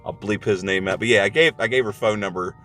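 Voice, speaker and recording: A man's voice: fairly low pitch, fast talker, a bit bright, faint music behind. A man hosting his own video, telling a story in a casual, heavily profane rant. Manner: swears heavily, acts out quotes. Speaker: video host and movie reviewer.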